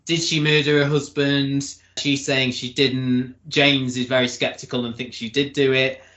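In a medium-pitched, somewhat bright voice, a male podcast host reviews TV in casual chat at a moderate pace. His delivery is flat apart from chuckling asides, and the room echoes noticeably.

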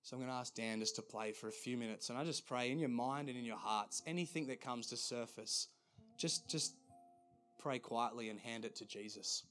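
A man preaching a sermon as pastor, earnest and conversational with many halting restarts. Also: mid-range voice, a bit bright, faint music behind.

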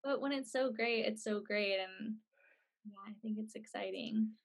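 A woman with a husky, slightly breathy voice hosting a casual conversation. She talks in a relaxed, chatty way, dropping "like" and "you know" often. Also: medium pitch, moderate pace. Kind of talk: casual podcast chat.

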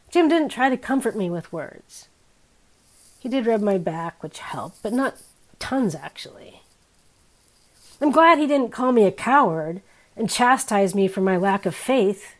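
A woman in her fifties preaching a sermon in a candid, wry, conversational way, her pitch and loudness swinging widely. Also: expressive, unhurried, pauses often.

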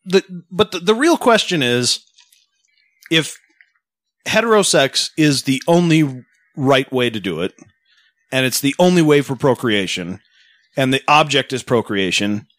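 Lively, profane male podcaster. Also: a little slow, long pauses, dry recording. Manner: profane, sarcastic, wide swings in pitch. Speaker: podcast co-host. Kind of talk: casual chat.

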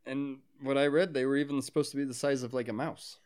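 A man's voice: mid-range voice, fast talker. A man co-hosting a podcast, chatting playfully while watching a movie, giggling often. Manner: giggly, playful, lively intonation. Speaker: podcast co-host. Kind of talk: casual movie-watching chat.

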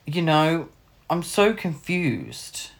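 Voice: mid-range voice, huge pitch swings, extremely slow. Podcaster, mid voice, fed up with a bad movie, swears a lot. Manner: exasperated, sweary critique. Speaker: podcast co-host. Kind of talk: casual film review chat.

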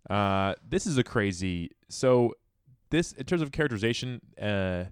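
A man with a fairly low voice chats loosely about a novel, trading jokes and asides with a friend. He sometimes slows down to read a passage aloud. The sound is dry and close, with little room in it. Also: lively intonation, clean tone, dry recording. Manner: chatty, jokey, reads passages aloud slowly. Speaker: podcast co-host discussing a novel. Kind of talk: casual book-club chat.

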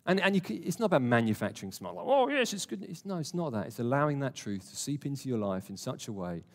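A man delivers a sermon in a mid-pitched, conversational voice, earnest and direct, and often turns to question his listeners. His words carry a long reverb from the church hall around him. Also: animated, fast. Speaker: preacher.

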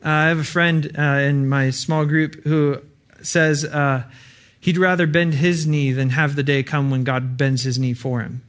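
Young man, sermon, earnest, conversational, fillers, slightly higher voice. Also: little pitch movement, measured pace, few pauses, a bit bright. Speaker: preacher.

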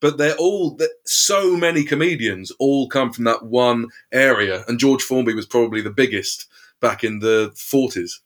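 A man's voice: medium pitch, normal speed, fairly bright tone. Hesitant British man chatting. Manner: rambling, hesitant, many restarts. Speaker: podcast co-host and author. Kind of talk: casual conversation.

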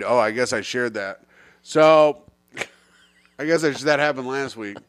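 A man's voice: mid-range voice, animated, a little slow, smooth, dry recording, studio quality. A young man hosting a casual podcast, crude and joking as he reads out listener comments. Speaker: podcast host.

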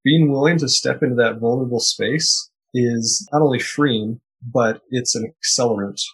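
Husky, emphatic man giving interview answers. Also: medium pitch, moderate pace, low-quality recording. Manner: earnest, emphatic motivational delivery. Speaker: guest author and entrepreneur.

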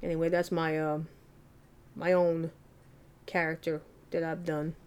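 A woman hosting a solo podcast, talking in a rambling, self-deprecating, soft-spoken way. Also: sits low, little pitch movement, measured pace, clear, resonant tone. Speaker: podcast host. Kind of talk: casual solo podcast monologue.

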